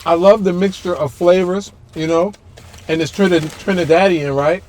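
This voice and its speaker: Male food vlogger, slightly high voice, casual and chatty, eating on camera in a car's back seat. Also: fairly even intonation, moderate pace, darkish tone. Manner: chatty, talks to viewers while chewing, lots of hums of approval. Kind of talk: casual food-tasting vlog. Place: back seat of a parked car. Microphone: camera-mounted mic, a little far off.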